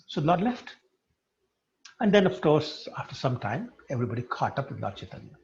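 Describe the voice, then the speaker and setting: A man's voice: medium pitch, normal speed, vocal fry. A man giving a devotional lecture, retelling a sacred story and putting questions to his listeners. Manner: animated storyteller who poses questions to the listeners. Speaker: religious teacher. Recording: dull lo-fi recording.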